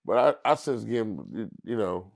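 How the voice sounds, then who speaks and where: Gravelly-voiced man telling a wild story. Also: measured pace. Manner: animated storyteller who acts out others in high squeaky voices. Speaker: comedian guest. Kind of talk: casual storytelling interview.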